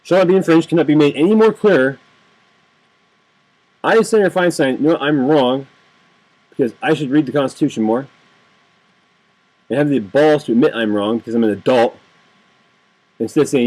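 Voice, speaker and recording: A political video blogger with a husky, darkish voice on the low side talks fast but pauses often. The rough home webcam recording captures his impassioned, indignant rant to camera, full of phrases repeated for emphasis.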